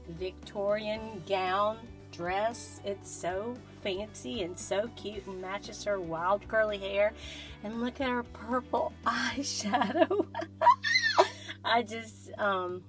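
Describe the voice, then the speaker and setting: A woman's voice: medium pitch, steady tone, slow pace, over music. A woman hosting a casual vlog, gushing and giggly as she talks to a doll in a put-on accent. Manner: using a fake accent. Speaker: host of a haunted doll channel. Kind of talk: casual vlog, spirit session.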